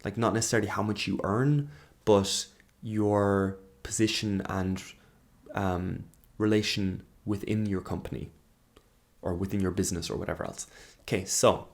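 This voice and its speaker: A man's voice: lowish voice, steady tone, moderate pace. A man in his thirties giving a reflective monologue as host, earnest and searching, often trailing off and restarting. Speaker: podcast host.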